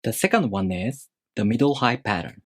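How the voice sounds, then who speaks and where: A man teaching a language lesson, explaining rules step by step in a measured, scripted way. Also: lowish voice, expressive, dry recording, studio quality.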